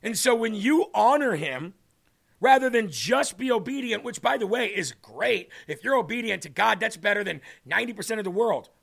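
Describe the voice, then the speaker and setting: Man, high voice, gravelly, earnest devotional host, emphatic, repetitive preaching. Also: lively intonation, moderate pace, a bit bright. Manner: earnest, emphatic, repeats phrases for effect. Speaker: host of a faith talk show.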